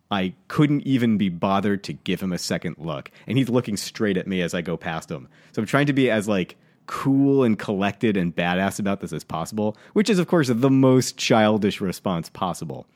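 A man co-hosting a casual podcast, telling an annoyed story with lots of swearing and lively venting. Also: lowish voice. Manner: animated, swears, worked up while telling a story. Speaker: podcast co-host.

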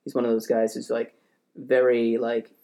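A man's voice: medium pitch, completely flat delivery, normal speed, gravelly, warm tone. A young man telling a funny story on a podcast in a rambling, hesitant way, full of fillers and self-deprecating asides. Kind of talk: casual comedic storytelling.

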